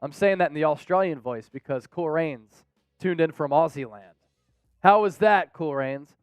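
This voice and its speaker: Guy hosting a live sports stream, hyped and joking, crisp clear voice, dry close sound. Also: a little high, moderate pace, long pauses, no echo, soft background music. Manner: hyped, playful, trash-talking rival fans. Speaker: sports show host. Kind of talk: live-stream sports chat reading viewer comments.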